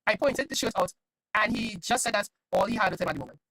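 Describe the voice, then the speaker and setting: A man from Trinidad streaming, reading a story aloud and reacting with animated laughter. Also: high voice, fast talker, slight background noise.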